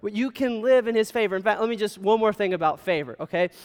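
Male pastor, high and resonant, chatty storytelling sermon, echoing hall. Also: fast talker, a little mellow, smooth. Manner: storytelling, conversational, frequent "okay?" checks. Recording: hall reverb.

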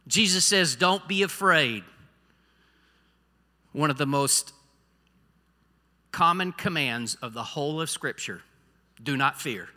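A man preaching a sermon as pastor, swinging from quiet asides to loud exhortation. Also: on the high side, a little slow, long pauses. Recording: long hall reverb.

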